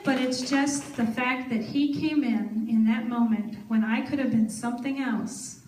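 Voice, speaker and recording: A woman's voice: fairly high pitch, darkish tone. A woman telling a personal faith story at a church service, acting out the dialogue as she goes. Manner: storytelling, acts out her own past dialogue. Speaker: gospel singer and speaker. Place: fairground event, outdoors. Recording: echoey from far off.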